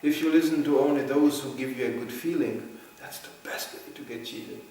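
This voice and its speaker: A man's voice: medium pitch, normal speed, warm tone. A man giving a conversational spiritual lecture, telling anecdotes and laughing often. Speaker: preacher. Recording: echoey room, far from mic, faint noise.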